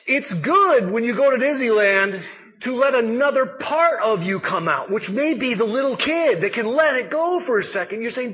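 A middle-aged pastor speaks in a casual, conversational sermon, his voice sitting high for a man. There is a husky edge to his tone. He mixes self-deprecating asides into his teaching, with animated turns of phrase. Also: normal speed.

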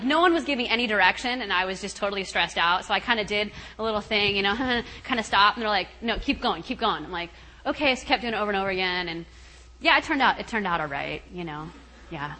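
Bright, chatty woman speaker telling a story. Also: mid-range voice, fast talker, rough recording. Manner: chatty, laughing, lively, acts out the voices of others in her story. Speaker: guest speaker at a retreat. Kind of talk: storytelling talk to a retreat group.

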